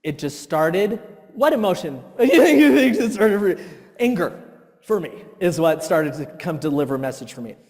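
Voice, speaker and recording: A man in his thirties giving a workshop talk, telling stories with animated acted-out outbursts. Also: sits high, normal speed. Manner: animated storytelling, acts out his own outbursts. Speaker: workshop presenter. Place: church hall. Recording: long reverb in a hall.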